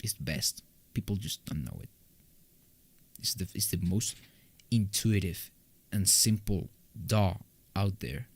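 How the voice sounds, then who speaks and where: A man's voice: sits low, slow, long pauses, husky. A young man from Colombia chatting casually with his live-stream audience from his home recording room, rambling and joking with loose restarts. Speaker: streamer answering chat.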